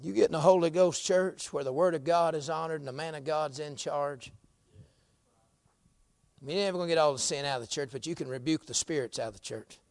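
A man preaching a fiery, folksy sermon, dropping to low murmurs and climbing to shouts. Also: fairly quick, vocal fry, no room sound.

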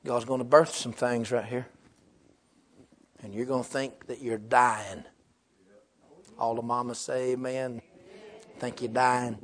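A young man, preaching a humorous sermon. He tells stories loudly, often laughing and breaking into shouts. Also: medium pitch, flat delivery, slow pace, pauses often.

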